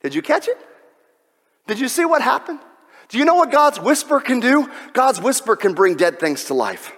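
Male preacher, high-pitched and theatrical, drops to near-whispers then builds back up; echoing church hall. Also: sing-song, normal speed. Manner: dramatic, swings between loud exhortation and hushed near-whispers. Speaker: pastor. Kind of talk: sermon. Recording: long reverb of a large hall.

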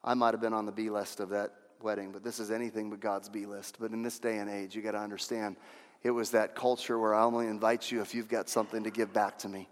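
A male pastor preaching a sermon, emphatic, repeating lines for effect and swinging from hushed to shouting. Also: on the low side, flat delivery, fast talker, in a large hall.

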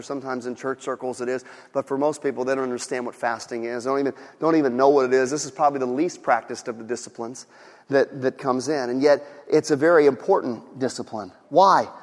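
A male pastor preaching a passionate sermon to a congregation, moving from quiet asides to shouting. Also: medium pitch, big-room sound.

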